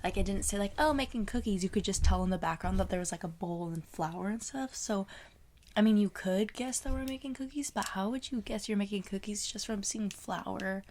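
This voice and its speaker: A young woman co-hosting a podcast, telling a creepy story in casual chat and dropping into hushed whispers for suspense. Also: medium pitch, a little fast. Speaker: podcast co-host.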